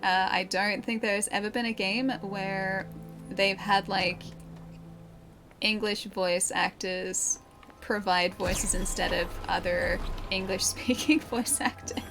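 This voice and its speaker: Young Aussie woman, chatty game streamer, laughs easily, clear game music behind her. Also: mid-range voice, fairly even intonation, takes it slowly. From Australia. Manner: chatty, giggly, answers viewer chat. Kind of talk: casual live-stream chat while playing. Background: game music clearly audible.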